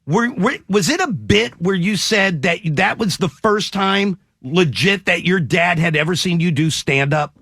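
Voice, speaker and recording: A man's voice: high voice, expressive, unhurried, gravelly, a bit bright, slightly rough, no echo, clean studio sound. A man hosting a morning radio show, eagerly asking a guest questions with frequent restarts. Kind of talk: casual radio interview.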